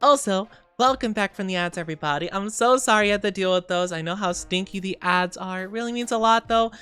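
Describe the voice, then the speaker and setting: A woman's voice: mid-range voice, fast talker, a bit bright, clear, resonant tone, soft background music. A woman streamer chatting casually and playfully with her viewers, greeting them by name. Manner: playful sing-song asides. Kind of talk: casual livestream chat.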